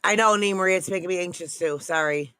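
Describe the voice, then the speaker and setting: A woman's voice: fairly low pitch, quick pace, pushed and bright, clean tone, dry recording. A woman hosting a casual livestream chat with viewers, frustrated and swearing, trailing off mid-thought as she talks to the chat. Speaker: livestream host.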